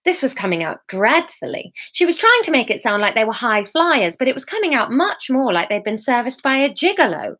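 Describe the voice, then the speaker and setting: A woman reading her own novel aloud as a serial, expressive and self-mocking. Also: a little high, fairly quick, hardly any pauses.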